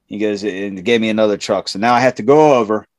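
In a dry recording, a man with a lowish voice speaks at a quick pace. Chatting casually, he tells a profane, animated story from work, acting out the people involved and shouting their quotes in raised voices.

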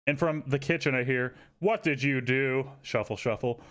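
Animated man telling a story. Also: mid-range voice, normal speed. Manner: animated, swearing, acts out quotes in raised voices. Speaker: podcast co-host. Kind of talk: casual storytelling chat.

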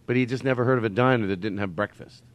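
A man's voice: medium pitch, fast, muffled recording. A man in casual conversation, rambling through a story with chuckling asides. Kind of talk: casual chat.

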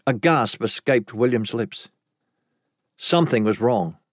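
A man narrating a first-person story with dramatic flair and wide, lively pitch. Recorded dry and close, with no room sound. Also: unhurried, no echo.

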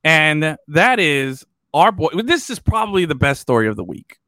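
Joking sports podcast host guy, high voice, dry sound. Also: normal speed, no room sound. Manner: animated, joking, trails off into fillers. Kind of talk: casual sports chat.

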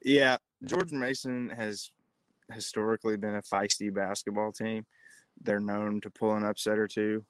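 A man's voice: on the low side, little pitch movement, normal speed, smooth. A male podcast co-host in a casual sports chat, hedging and thinking aloud.

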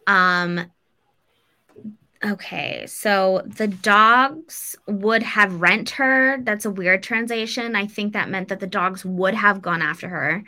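A woman's voice: mid-range voice, slow pace, pushed and bright. A woman podcast co-host retelling a folk tale casually, rambling with "like" and "um" and swearing. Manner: rambling, loose, swears, lots of likes and ums. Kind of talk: casual storytelling chat.

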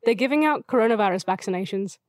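A woman's voice: medium pitch, expressive, fast, no echo, studio quality. A young woman co-hosting a podcast, teasing and playful in casual chat. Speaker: podcast co-host.

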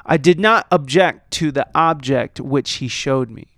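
A man hosting an English lesson podcast, slowly reading and explaining example sentences. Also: medium pitch, a bit bright, no room sound, studio quality. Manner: slow, deliberate, reads example sentences aloud. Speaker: host.

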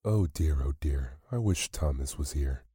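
A man voicing a sharp-tongued, scornful village woman who speaks in a quivering, scolding way. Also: rumbling low, animated, a little slow, slightly rough, no room sound, studio quality, heavily acted. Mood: anxious.

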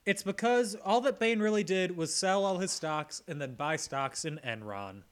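A man's voice: sits high, animated, moderate pace. A man hosting a casual podcast, joking his way through a movie plot summary he reads aloud. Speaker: podcast host.

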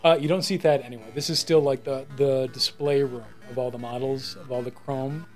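A man's voice: mid-range voice, steady tone, fairly quick, soft background music. A man narrating as game master of a tabletop role-playing game, talking casually with lots of fillers.

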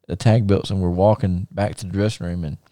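A man's voice: low voice, level tone, fairly quick, dark tone, no echo, studio quality. A man hosting a podcast, casually telling rambling stories with frequent laughter and restarts. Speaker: podcast host and wrestler. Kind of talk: casual storytelling chat.

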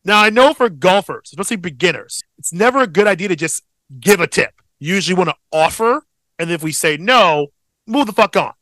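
A young man co-hosting a podcast, telling a long story in a profane, rambling, animated way. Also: sits high, brisk, no echo. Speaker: podcast co-host. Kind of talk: casual storytelling chat.

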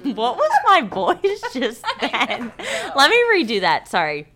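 A woman's voice: fairly high pitch, huge pitch swings, slow, heavy background noise. A young woman co-hosting a podcast, chatting casually with lots of fillers and giggles. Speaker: podcast co-host. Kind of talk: casual chat.

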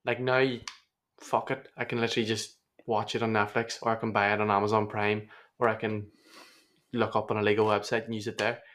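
A man's voice: lowish voice, flat delivery, fairly quick, fairly bright tone. A Northern Irish man co-hosting a podcast, bantering bluntly and swearing in a laid-back way. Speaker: podcast co-host. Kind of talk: casual chat.

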